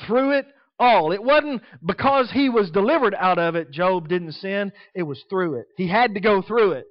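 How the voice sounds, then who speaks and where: A man preaching a sermon in an emphatic way, swinging between soft and loud. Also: high voice, animated, normal speed, dry recording, dull audio.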